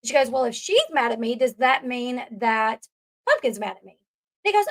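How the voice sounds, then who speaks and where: A woman's voice: fairly high pitch, big pitch swings, normal speed, fairly bright tone. A woman giving a casual, chatty recap commentary, full of fillers and asides. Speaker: commentary vlogger.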